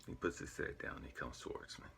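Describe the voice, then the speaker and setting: A man telling an earnest, emotional personal story as a father, often dropping his voice to a hushed whisper. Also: fast.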